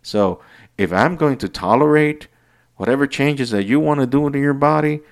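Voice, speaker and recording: A man hosting a podcast, delivering an unscripted, profane rant that swings between heated outbursts and low muttering. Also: moderate pace. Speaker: podcast host. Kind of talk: unscripted ranting monologue.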